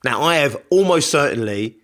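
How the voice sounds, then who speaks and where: A man's voice: medium pitch, expressive, normal speed, fairly bright tone. A man hosting a podcast, delivering a conversational, reflective self-help monologue and repeating phrases for emphasis. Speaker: podcast host.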